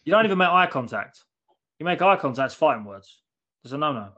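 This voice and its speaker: A man's voice: fairly high pitch, big pitch swings, quick pace, sharp tone. A man trading casual banter on a podcast, blunt and profane, circling back over his own words. The audio is a little dull and lo-fi. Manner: blunt, sweary, repeats himself.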